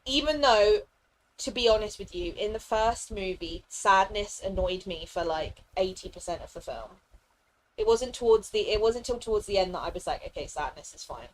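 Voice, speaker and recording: A woman's voice: medium pitch, a little hiss or hum, low-quality recording. Chatty young woman streamer, laughing often. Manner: chatty, laughs often, slips into quick playful voices for characters. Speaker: game streamer. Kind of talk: casual live-stream chat.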